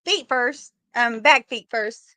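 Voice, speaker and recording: Woman, middle-aged, bright, slightly high voice, chatty, laughing, live-stream host. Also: slow pace, no echo. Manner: chatty, laughs often, greets viewers by name. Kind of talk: casual live-stream chat.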